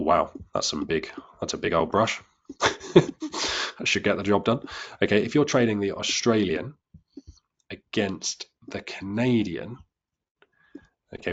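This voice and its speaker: This trading instructor has a low, slightly bright voice with some breathiness. Addressing a live class, he's talkative and pokes fun at himself, frequently restarting sentences and repeating words mid-explanation.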